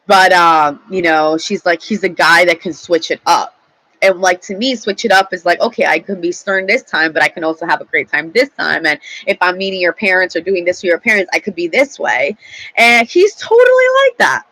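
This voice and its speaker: Chatty young woman with a bright voice. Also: on the low side, sing-song, normal speed, no room sound, low-quality recording. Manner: chatty, rambling, swears freely. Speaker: vlogger. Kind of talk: casual storytelling to camera.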